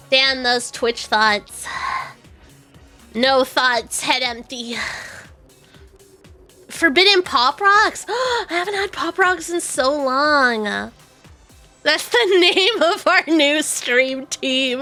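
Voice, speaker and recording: A woman's voice: high voice, animated, takes it slowly, pushed and bright, faint music behind. A young woman VTuber streamer chatting casually, rambling and self-deprecating, often giggling.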